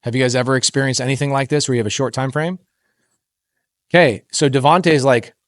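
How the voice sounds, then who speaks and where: Animated male stage speaker, dry sound. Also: mid-range voice, quick pace, no room sound. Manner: animated storyteller, acting out quoted dialogue, quizzing the crowd. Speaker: speaker at a real estate summit. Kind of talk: motivational stage talk with told stories.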